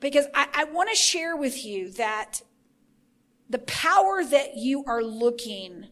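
A woman with a somewhat high voice gives an informal sermon as a podcast host. She talks earnestly, builds emphasis through repeated phrases and thinks aloud as she goes. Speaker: podcast host teaching the Bible.

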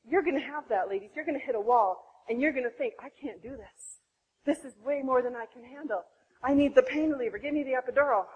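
A woman in her thirties sharing her own birth story to other women, animated, acting out her past self. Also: fast, husky, muffled recording. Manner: animated, acts out her own past voice with big pitch jumps. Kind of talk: impassioned personal testimony.

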